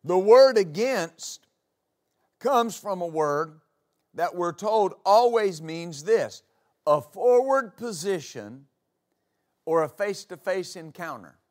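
A man preaches in a slow, deliberate cadence, leaning on repeated words for emphasis. His voice sits fairly high, and he builds to loud, fervent exclamations. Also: animated. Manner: rises to loud exclamations at climaxes. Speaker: pastor. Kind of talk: sermon.

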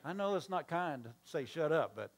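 A man's voice: a little high, animated, normal speed. A male pastor preaching a sermon, telling a story with acted-out dialogue and asides to the congregation.

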